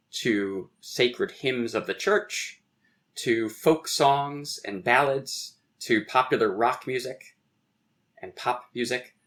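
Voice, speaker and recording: A man's voice: mid-range voice, a bit bright. A man, a poet and guest, reflectively explaining verse and tapping out rhythms aloud. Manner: lecturing, taps out rhythms aloud.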